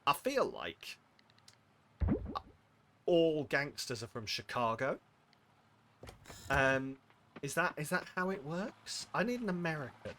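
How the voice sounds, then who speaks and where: A man's voice: fairly high pitch, big pitch swings, slow, pauses often, pushed and bright, a little hiss or hum. A man streaming a game with casual, rambling commentary, self-mocking and full of asides.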